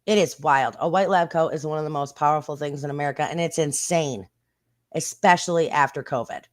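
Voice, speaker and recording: A woman hosting her own stream, chatting casually in a blunt, rambling way with plenty of swearing and quick bursts of speech. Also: low voice. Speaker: streamer and channel host. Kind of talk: casual live-stream chat.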